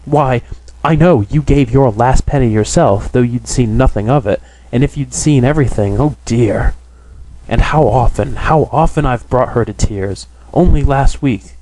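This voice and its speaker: A man's voice: medium pitch, normal speed, warm tone, close to an everyday voice, low-quality recording. A man voicing a timid, pleading young woman. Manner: plaintive, earnest and pleading. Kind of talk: audiobook character reading.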